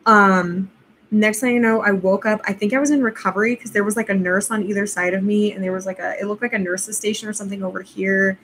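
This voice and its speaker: Young woman vlogger, casual storytime delivery, mid-pitched, rambling and self-amused, faint background hiss. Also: steady tone, fast, a bit bright, poor audio. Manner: rambling, filler-heavy, laughs at herself.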